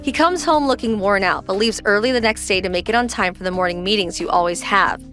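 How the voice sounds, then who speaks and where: A woman's voice: medium pitch, quick pace, a bit bright, faint music behind, natural voice. An actress voicing a worried, protective young wife who confronts her husband's boss insistently.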